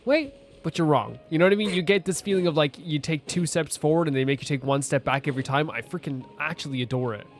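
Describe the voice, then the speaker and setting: Excitable gameplay commentator. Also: medium pitch, fast talker, few pauses, faint music behind. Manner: excitable, gushing, talks over the game. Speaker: gaming streamer.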